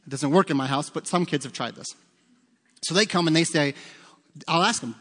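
Conversational pastor preaching in a reverberant hall. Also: male voice, a little high, quick pace, a bit bright. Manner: conversational, humorous storytelling with asides to the congregation. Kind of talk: sermon. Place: church sanctuary.

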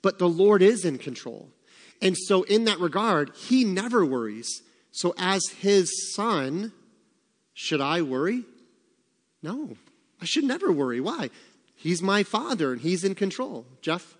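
A man's voice: high-pitched, unhurried, long reverb tail. A man leading a church group in casual devotional talk, acting out his own worried voice in quotes. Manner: animated, acts out quoted worries.

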